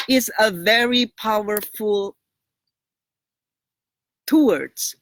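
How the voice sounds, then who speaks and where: A woman relationship coach giving frank, blunt advice in a casual monologue, animated and laughing between points, often repeating and restarting words. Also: medium pitch, takes it slowly, pauses often, a little hiss or hum.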